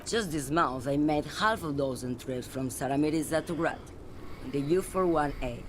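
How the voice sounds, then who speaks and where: A man voicing a weary, detached woman truck driver, talking in an unhurried, dreamy, aloof way. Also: fairly high pitch, slight background noise, natural voice.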